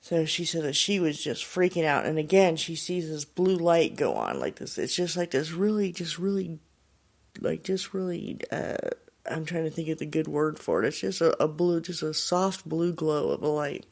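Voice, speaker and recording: A man with a somewhat high, gravelly voice hosts a show, casually retelling a listener's eerie experience. He rambles and searches for words, leaning on fillers as he goes. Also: expressive, moderate pace. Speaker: podcast host. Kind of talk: casual storytelling of paranormal accounts.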